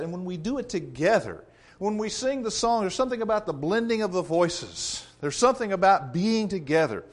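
A man preaching a sermon in an earnest, measured way, repeating phrases for emphasis. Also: high-pitched.

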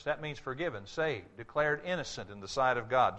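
A male preacher delivering a sermon, reading scripture aloud and slowing down hard on key words for emphasis. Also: mid-range voice, animated, sharp tone. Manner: emphatic, slows to stress scripture quotes.

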